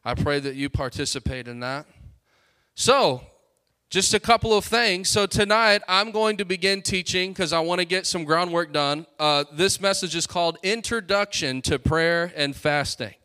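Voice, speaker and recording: High, bright-voiced pastor preaching. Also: male voice, clear, resonant tone. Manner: energetic, exhorting, quick asides to the congregation. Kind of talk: sermon. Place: church sanctuary.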